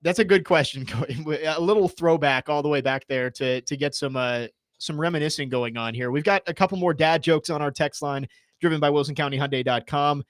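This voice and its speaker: A man's voice: fairly high pitch, a little fast, no room sound, studio quality. A young man hosting sports talk radio, reading listener texts aloud in an easygoing way and chuckling as he goes. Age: young adult.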